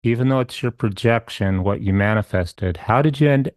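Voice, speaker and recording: A man's voice: on the low side, moderate pace, a little mellow. A man hosting an interview, asking curious questions with short reactions. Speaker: podcast host.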